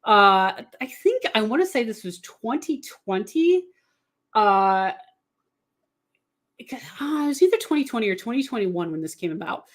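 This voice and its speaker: A woman's voice: fairly high pitch, very animated, normal speed. A woman from the Kansas City area chatting casually as a podcast guest, rambling and laughing often. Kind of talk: casual chat about football.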